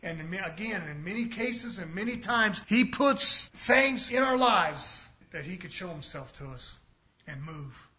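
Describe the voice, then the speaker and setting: Man, pastor, church sermon, impassioned, homespun, high voice, bright ringing tone. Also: expressive, measured pace, husky. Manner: impassioned, swings between loud emphasis and quiet asides; folksy, homespun examples. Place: church sanctuary.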